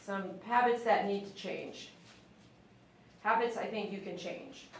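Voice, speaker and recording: Woman groomer, casual and chatty, coaxes the dog in a sing-song tone; mic set back in a boomy room. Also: measured pace, background noise. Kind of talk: casual live-stream chat while grooming. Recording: very echoey room, mic at a distance.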